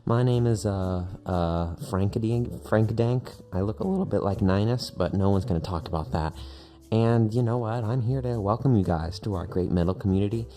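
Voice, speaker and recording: A man's voice: fairly low pitch, normal speed, dark tone, natural voice. A man voicing a laid-back male metal fan and anime weeb who rambles and swears casually. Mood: rambling.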